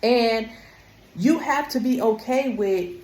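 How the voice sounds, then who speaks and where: A woman's voice: on the high side, takes it slowly, darkish tone, reverberant. A woman vlogger talking casually and emphatically to her viewers, calling them honey. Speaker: wellness vlogger. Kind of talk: casual talk to camera.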